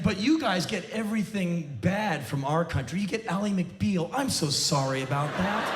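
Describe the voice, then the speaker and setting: A man in his forties performing a live comedic spoken word monologue, sardonic and emphatic, on a large theater stage. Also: on the high side. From United States. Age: 40s. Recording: roomy live theater recording.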